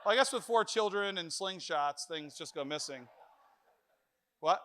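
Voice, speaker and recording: Man, middle-aged, preaching a sermon, animated, joking stories, bright edge. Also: high-pitched, unhurried, slight background noise. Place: church.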